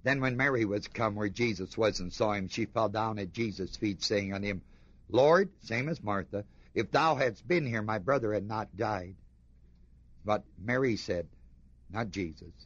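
A man preaching a sermon, reading scripture aloud and commenting on it with emphatic rhetorical questions, dropping to a hush and then rising with fervor. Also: fairly low pitch, normal speed, dull audio. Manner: emphatic, rhetorical questions to the congregation, swings between hushed and fervent.

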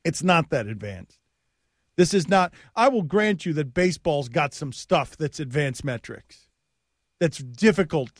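A man's voice: on the high side, animated, measured pace, no echo, studio quality. A man hosting a sports talk radio show, telling stories animatedly and laughing at his own bits. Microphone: studio mic.

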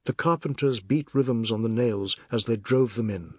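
A man reading a novel aloud in a measured, descriptive audiobook narration. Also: mid-range voice, dark tone, slightly rough, no room sound, clean studio sound.

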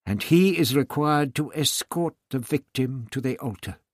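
Man doing a commanding older male time-traveller, imperious, lively sweeping pitch, dry close sound, audiobook character. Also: measured pace, no echo. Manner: commanding, exasperated.

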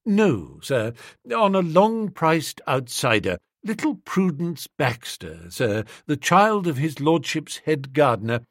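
A man voicing a dignified valet who speaks in a measured, formal, polite manner. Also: fairly high pitch, big pitch swings, dry recording, studio quality, exaggerated voice. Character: deferential, composed male valet, dignified.

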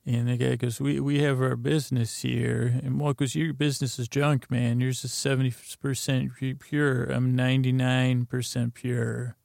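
A man casually recapping a TV episode, rambling and halting with many fillers and restarts. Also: medium pitch, level tone, creaky, a little mellow, no echo, clean studio sound. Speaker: podcast host.

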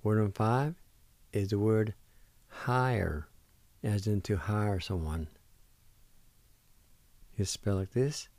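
A middle-aged man hosting a radio language lesson, spelling words letter by letter and sounding out each syllable slowly and deliberately. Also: fairly low pitch, darkish tone, dry recording. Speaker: radio language teacher, show host.

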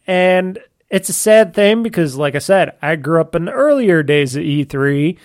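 A man with a rather high voice hosts a casual solo podcast from his home office, talking into a desk mic. He rambles on at length, circling back on himself with plenty of fillers and restarts. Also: lively intonation, normal speed. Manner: rambling, talkative, self-interrupting with fillers. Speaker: podcast host. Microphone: desk microphone.

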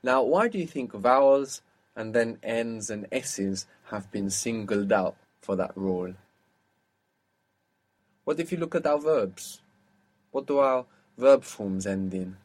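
A man teaching a language lesson to a single student. He explains patiently, step by step, and stops to quiz her. His voice sits at an ordinary middle pitch. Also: lively intonation, slow pace.

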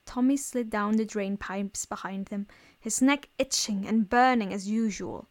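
A woman reading fan fiction aloud in a steady storytelling voice. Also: mid-range voice, unhurried. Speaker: reader.

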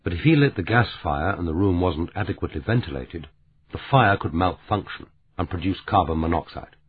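A considerate man reasons through things patiently, read by a male narrator. His voice is deep and husky. The audio is narrow like a phone line. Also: expressive, fairly quick.

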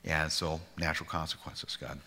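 Deep-voiced pastor in a reverberant church. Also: male voice, flat delivery, normal speed, creaky, pushed and bright. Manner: informal, digressive, self-deprecating humor. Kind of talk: conversational bible study teaching.

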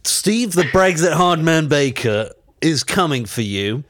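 A pompous, posh English talk-radio host, acted by a man, ranting indignantly at his callers. His pitch swings widely, and the sound is dry and close. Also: expressive, a little slow, a bit bright, no echo.

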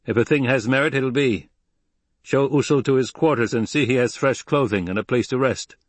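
Man playing a stern desert chief, curt, commanding, slightly raised pitch, dry recording. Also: normal speed, no room sound, natural voice.

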